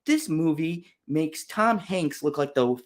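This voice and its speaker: A man's voice: fairly high pitch, expressive, slow. A man hosting a casual movie-review chat, ranting bluntly and profanely with frequent fillers and restarts. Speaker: channel host reviewing movies.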